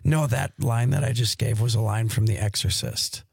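A hoarse man co-hosting a laid-back podcast, his voice worn down and husky with a gravelly edge. He tells his stories in an eager, animated way even though his voice keeps cracking under the strain. The sound is close and dry. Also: lowish voice, moderate pace, no room sound. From Wisconsin. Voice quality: raspy, gravelly. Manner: enthusiastic and animated storyteller. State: hoarse, has nearly lost his voice. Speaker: podcast co-host. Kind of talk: casual chat.

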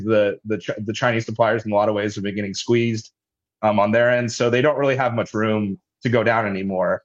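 Low-voiced businessman on a dull line. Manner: explanatory, businesslike. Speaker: logistics company head, guest expert. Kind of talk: interview answers.

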